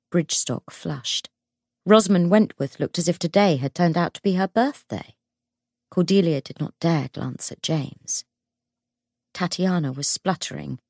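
A woman narrating an audiobook in an expressive, dramatic way. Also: fairly low pitch, measured pace, no room sound, clean studio sound.

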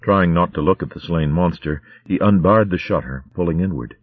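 Deep husky male audiobook narrator. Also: dry recording, phone-quality sound. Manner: steady, measured reading.

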